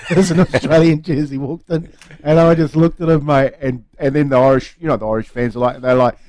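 A man's voice: a little high, steady tone, brisk, darkish tone, no room sound. A man with a New Zealand accent co-hosting a breakfast radio show, telling stories in casual chat and saying mate often. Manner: chatty storyteller, says mate often. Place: radio studio.

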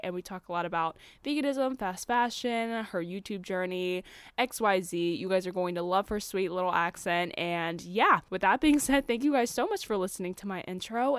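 A woman's voice: medium pitch, clean tone, no echo, clean studio sound. A woman hosting her podcast in a bubbly, gushing chatty way, full of "like" and "oh my gosh". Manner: bubbly, gushing, heavy use of "like". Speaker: podcast host. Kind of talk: casual podcast chat.

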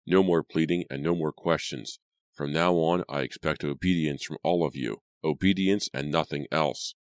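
A man with a very deep voice playing an obsessed, furious frontier father who gives stern, booming commands in an audiobook. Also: fairly even intonation, moderate pace, no echo, studio quality. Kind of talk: audiobook character voice.

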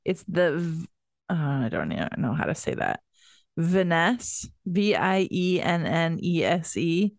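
Iowa woman, 30s, podcast co-host, animated ups and downs, dry booth sound. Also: lowish voice, measured pace, vocal fry, no echo. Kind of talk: casual chat.

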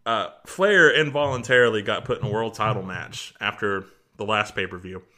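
A man's voice: fairly low pitch, normal speed. A man co-hosting a wrestling podcast, chatting casually and laughing often. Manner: animated, laughs often, puts on shouting voices for quotes. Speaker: podcast co-host. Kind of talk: casual wrestling review chat.

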